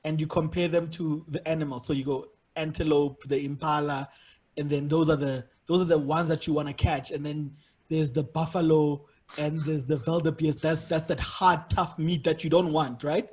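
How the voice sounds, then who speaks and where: A man's voice: a little high, little pitch movement, moderate pace, darkish tone, breathy edge. A man hosting a podcast, chatting casually and telling stories in bursts with frequent restarts and repeated words. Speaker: podcast host. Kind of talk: casual interview chat.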